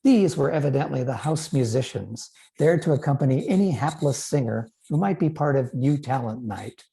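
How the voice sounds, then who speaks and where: A male author reads his own novel aloud, measured and expressive. His voice is dark and warm, with a gravelly edge in the low notes. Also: low-quality recording. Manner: measured, expressive literary reading.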